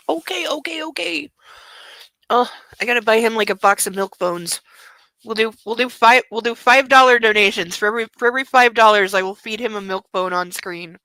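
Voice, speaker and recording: Bright, high-voiced woman streaming casually. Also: no echo, low-quality recording. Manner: chatty, gushing baby talk to her dog. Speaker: book club host. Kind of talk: casual livestream chat.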